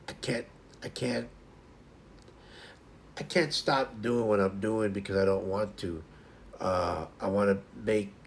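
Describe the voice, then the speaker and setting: A man's voice: sits low, vocal fry, a little hiss or hum. A man hosting a casual morning livestream, chatting to viewers in a rambling way and often restarting his sentences. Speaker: livestream host.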